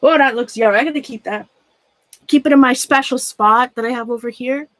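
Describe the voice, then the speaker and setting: Chatty middle-aged woman, a touch high. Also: brisk, fairly bright tone, no echo, poor audio. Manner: chatty, rambling, greets viewers by name. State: nervous and shaky. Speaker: livestreamer. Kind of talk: casual livestream chat while sorting a closet.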